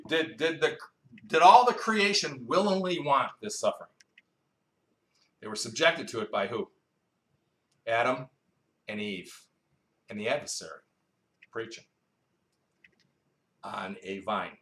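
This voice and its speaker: A man's voice: medium pitch, a bit bright. A male preacher teaching a Bible sermon in a conversational way, quizzing the congregation with questions he often answers himself. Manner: conversational, with asides and storytelling. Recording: roomy echo.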